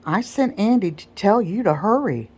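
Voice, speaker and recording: A woman's voice: medium pitch, expressive, moderate pace, a little mellow, breathy edge, voice pushed up. A woman voicing a stern, genteel plantation mistress who scolds firmly and properly, as whispered role-play in a storybook reading. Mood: scolding.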